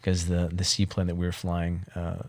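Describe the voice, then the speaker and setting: A man tells a story as a guest on a podcast, and he sounds lively. His voice sits low. The sound is dry and close to the mic. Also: a little fast, no room sound. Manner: animated, acts out the voices of other people. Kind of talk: storytelling in casual conversation.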